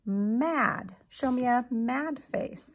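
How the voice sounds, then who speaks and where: A teacher leads a phonics lesson for young children, speaking very slowly and patiently and carefully sounding out each letter. Her medium-pitched voice has lively intonation and a gravelly edge of vocal fry.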